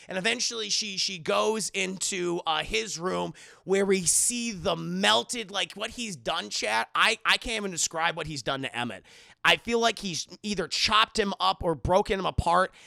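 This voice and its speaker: A man streaming a profane, excitable scene-by-scene film recap, constantly calling out to his chat. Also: sits high, gravelly, no echo, clean studio sound. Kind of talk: animated spoiler recap to a live chat.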